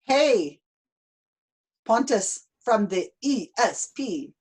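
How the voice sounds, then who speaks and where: A woman's voice: a little high, very animated, drawn-out words, a little mellow, slightly rough. Casual woman with a Southern accent hosting. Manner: casual, hesitant, laughs often. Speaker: host. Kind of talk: livestream talk. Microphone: video call.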